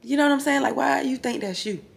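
A woman's voice: sits high, fast talker, vocal fry. A woman chatting casually to her viewers in a hotel room vlog, frank and profane, calling them y'all and friend. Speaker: vlogger. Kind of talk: casual vlog chat to camera.

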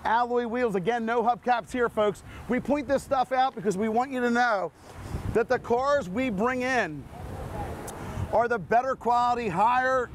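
High-voiced car pitchman. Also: measured pace, slight background noise. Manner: energetic, repetitive hard-sell patter. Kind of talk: live sales pitch. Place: outdoors at a car lot.

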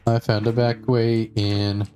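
Taking it slowly in a lowish, mellow voice with little pitch movement, a man streams a game and chats casually. His gameplay commentary wanders through stories, heavy on fillers and asides.

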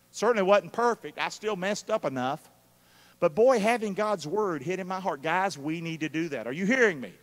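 A man preaching a live sermon, calling out for responses from the congregation and swinging between loud and hushed. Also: high voice. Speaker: pastor. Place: church sanctuary during a live service. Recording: long hall reverb of a church.

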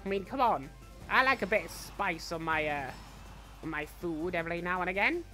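This fan voice actor speaks in a high, expressive, pushed and bright voice at a moderate pace as he plays a cocky, greedy young male villain. Soft music plays under his playful, boastful in-character gameplay chatter.

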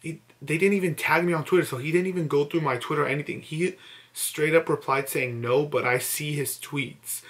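A man's voice: fairly high pitch, steady tone, brisk, fairly bright tone. A young man vlogging at home late at night, overwhelmed and teary with disbelief, just woken up. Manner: overwhelmed, emotional, breathless disbelief. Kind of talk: late-night excited selfie vlog.

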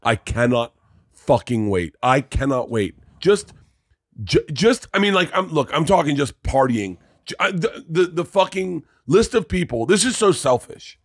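A man in his forties, a comedian guest, chatting casually and excitedly, swearing and laughing often. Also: on the high side, unhurried, dry recording, studio quality. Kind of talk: casual chat.

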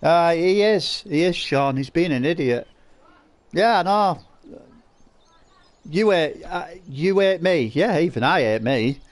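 A man streams a farming game live, reading out his chat and mocking viewers with crude, jokey banter. His voice sits a touch higher than most men's, and he talks loosely, laughing between lines. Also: expressive, slow, pauses often.

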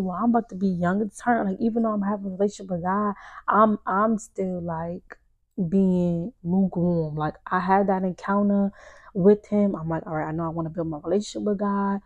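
A woman's voice: medium pitch, no room sound, phone-quality sound. A young woman hosting a podcast, telling a personal story in casual talk, acting out her own quotes and saying "y'all" often. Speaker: podcast host. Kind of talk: casual testimony to listeners.

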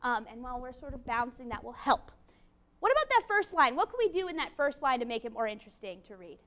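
A woman teaching a college class, lively and encouraging, with a playful manner. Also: high-pitched, quick pace. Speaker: university lecturer. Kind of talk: classroom lecture.

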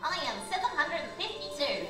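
A woman ventriloquist voicing a cheeky, ancient male alien puppet who makes blunt, deadpan jokes, in a children's show. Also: extremely high pitch, brisk, distant mic. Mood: matter-of-fact. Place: children's show venue indoors. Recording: echoey hall mic with music behind.

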